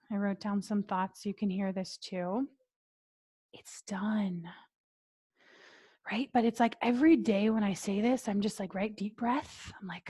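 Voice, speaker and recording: Leading a business training, a woman talks in a purposely slow, composed manner. Her mid-range voice carries breathy sighs along with quiet whispered moments.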